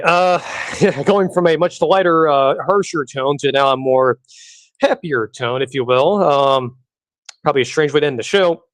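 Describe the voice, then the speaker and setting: Male podcast host, heated profane rant, higher voice, dry close sound. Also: a bit bright, no room sound. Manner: angry, profane, repeats himself.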